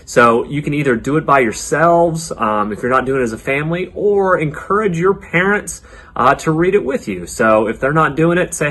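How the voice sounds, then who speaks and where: A man's voice: a little high, expressive, normal speed, fairly bright tone. A man leading a kids' church lesson. He is upbeat and chatty and speaks straight to the children, with a lot of ums. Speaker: children's ministry leader.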